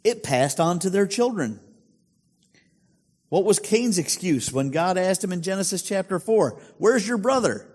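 A man's voice: high-pitched, lively intonation, unhurried, a little mellow. A male pastor preaching a sermon in a conversational way, full of rhetorical questions. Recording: long hall reverb.

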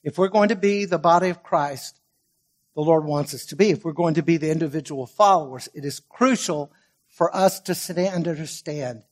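High-voiced man preaching emphatically. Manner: emphatic, swings from loud stresses to quiet asides; stretches key words slowly for weight. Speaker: pastor. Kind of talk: sermon.

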